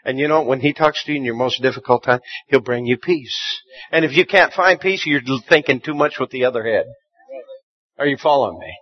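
A man's voice: mid-range voice, brisk, muffled recording. A man preaching a sermon and telling a personal story, often stumbling and repeating words as he starts a sentence.

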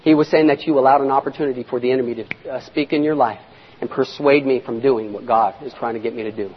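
A man preaching a sermon in a dramatic manner, swinging between loud shouts and near-whispers. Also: mid-range voice, steady tone, fast, husky. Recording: echoey hall, dull lo-fi sound.

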